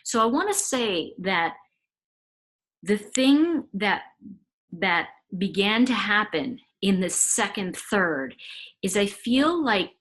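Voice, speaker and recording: A woman's voice: medium pitch, very animated, slow pace, a bit bright, rough recording. A woman talking through a case in a rambling, self-interrupting casual monologue as a commentator. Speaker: true crime commentator.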